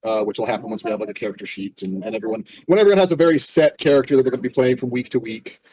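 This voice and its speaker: A man's voice: medium pitch, racing, a little hiss or hum, rough recording. A man in a casual chat after a tabletop session, rambling a little and using plenty of fillers as he talks through the game. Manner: relaxed, rambling with many fillers. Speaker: game master.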